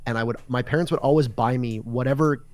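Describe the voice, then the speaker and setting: Recorded dry, a Canadian esports caster speaks quickly in a mid-range voice. He tells stories in relaxed podcast conversation, animatedly performing the quoted lines.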